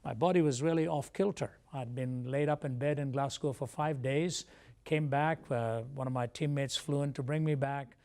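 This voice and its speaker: A man as an interview guest, telling a personal testimony in a measured, reflective way. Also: mid-range voice, steady tone, warm tone. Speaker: guest speaker.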